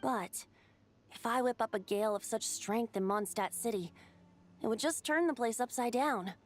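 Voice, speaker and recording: A woman's voice: on the high side, normal speed, lightly acted. A woman voicing a playful young male bard who is a wind god, speaking as a lilting, teasing storyteller in a video game. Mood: solemn.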